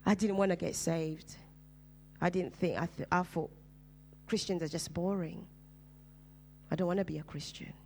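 A woman from Uganda, a pastor, preaching her personal testimony as a sermon, storytelling with swings from loud bursts to hushed, low asides. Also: normal speed, vocal fry, pauses often, a little hiss or hum.

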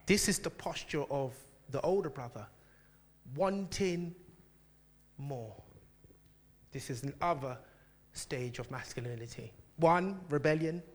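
A man preaching a sermon, telling a personal story with lively laughter and frequent asides to the congregation. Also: a little high, slow, pauses often. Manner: animated, laughing, keeps asking "do you know what I mean".

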